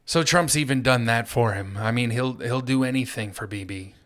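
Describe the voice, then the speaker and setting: Guy ranting sarcastic about politics on his own show, mid-pitched, mocking tone. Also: normal speed, a bit bright. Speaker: host. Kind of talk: political commentary monologue.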